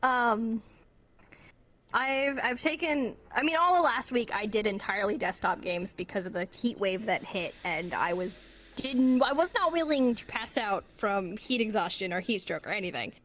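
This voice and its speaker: A woman guest chats easily on a casual interview stream and often laughs along. Her voice sits a little above the usual pitch for a woman. She talks freely and at length. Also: expressive, moderate pace, fairly bright tone. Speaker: talk show guest.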